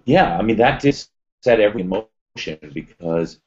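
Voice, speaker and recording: A man speaks in a low voice as a guest in a casual interview, telling a personal story with animated retelling. He acts out the voices of the people he quotes. The sound is dull and lo-fi. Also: normal speed.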